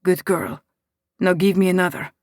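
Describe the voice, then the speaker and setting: An audiobook narrator voicing a calm, protective mafia boss who speaks steadily and reassuringly. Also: moderate pace, no room sound, studio quality, natural voice. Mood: soothing. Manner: steady, reassuring, low-key.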